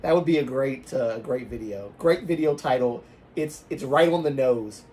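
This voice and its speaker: A Southern US man with a mid-range voice tells a story on a livestream at a moderate pace, with slight background noise. He rambles casually, keeps restarting, and lets his sentences trail off softly.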